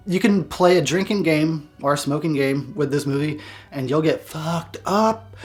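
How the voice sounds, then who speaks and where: A man's voice: fairly high pitch, normal speed, soft background music. Giggly, profane male movie reviewer. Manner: giggly, profane, breaks into laughter. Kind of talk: casual film review.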